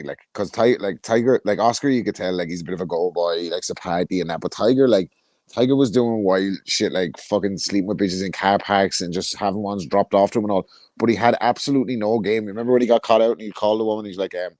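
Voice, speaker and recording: A man's voice: on the low side, fast, a little mellow, dry recording. A man co-hosting a podcast, telling rambling stories full of swearing and laughter. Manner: rambling, profane, laughing storyteller. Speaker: podcast co-host. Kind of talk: casual podcast banter.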